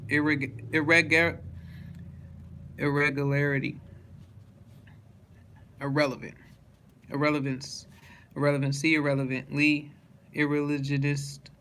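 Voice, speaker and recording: Man reading a word list in a flat monotone. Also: mid-range voice, clear, resonant tone. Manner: slow steady monotone listing, stumbles and restarts on hard words.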